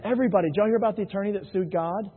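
A man's voice: high-pitched, very fast, breathy edge. A man giving an anecdotal sales talk to a live audience in a hall, joking and often asking the crowd "right?". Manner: jokey storyteller, keeps asking the crowd "right?". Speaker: sales presenter. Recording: tinny, phone-like, with long hall reverb.

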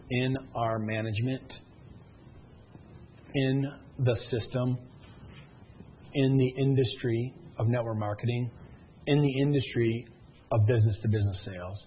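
A man's voice: medium pitch, slight background noise. A man giving a motivational speech at a sales meeting, emphatic and repetitive, telling stories to push his audience. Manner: emphatic, repetitive, storytelling, rising and falling intensity. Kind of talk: motivational speech to a live room. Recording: tinny phone-like audio.

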